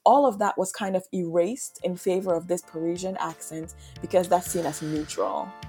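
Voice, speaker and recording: A woman's voice: lowish voice, moderate pace, mellow, soft background music. A woman from Ghana, a French professor, talking reflectively as a guest in a podcast interview and often checking in with "right?". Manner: reflective, thinking aloud, frequent "right?".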